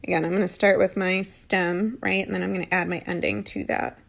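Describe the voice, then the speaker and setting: Woman teacher on a phone live stream, patient and encouraging, bit of vocal fry. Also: lowish voice, fairly even intonation, fairly quick. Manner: patient, encouraging, corrects answers gently. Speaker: Spanish teacher. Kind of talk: live online lesson.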